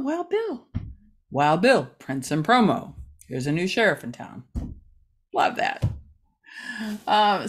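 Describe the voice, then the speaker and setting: A middle-aged woman hosting a casual community update for a local news site, chatty and rambling with many fillers. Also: mid-range voice.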